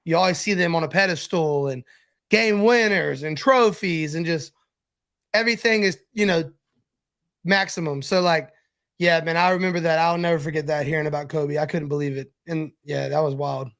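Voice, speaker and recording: A man's voice: fairly high pitch, normal speed, fairly bright tone. A man guesting on a casual sports podcast, laid-back, with lots of "like" fillers. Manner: laid-back, shrugging, says "like" a lot.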